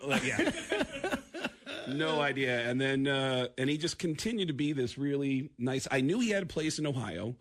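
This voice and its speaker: A man's voice: medium pitch, sing-song, normal speed. A man, a guest comedian, telling a story on a radio show, acting out the quotes and stammering and repeating himself as he goes.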